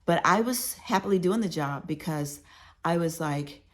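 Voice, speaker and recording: In this storytelling audiobook, a woman writer recounts tales from the workplace, talking straight to the audience with emphasis and advice. Her voice is on the low side, animated, and delivered at a moderate pace.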